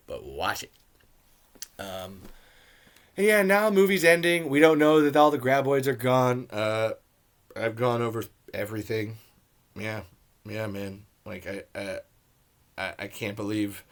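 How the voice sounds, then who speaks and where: A man's voice: mid-range voice, fairly bright tone. A man hosting a podcast, giving rambling, joking commentary on a movie with plenty of profanity. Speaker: podcast host.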